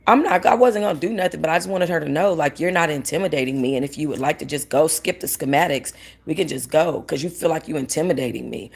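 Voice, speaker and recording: A woman, casually telling a story in an animated rant, quoting the people involved and swearing. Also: sits low, fast, creaky, breathy edge. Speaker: vlogger.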